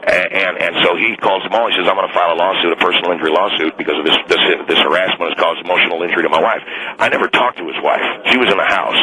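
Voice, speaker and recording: A man's voice: deep voice, racing, sharp tone, low-quality recording. A man playing an indignant fired mall Santa. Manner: stubborn, self-righteous, rambling with restarts. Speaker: caller. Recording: radio call audio.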